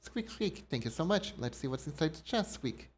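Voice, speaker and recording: A man voicing a small, timid, polite mouse-like creature from a game, adding little squeaks between lines. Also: sing-song, moderate pace, soft background music. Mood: squeaky polite. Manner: high squeaky voice punctuated by squeaks. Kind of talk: reading game dialogue aloud in character.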